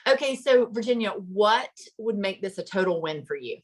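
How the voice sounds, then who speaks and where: A woman hosting a casual chat, a real estate agent, playful with lively quoted asides. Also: mid-range voice, moderate pace, husky.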